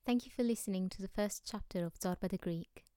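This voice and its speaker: A woman reading a novel aloud as narrator, in a measured, expressive way. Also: medium pitch, no echo, studio quality. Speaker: audiobook reader for a library.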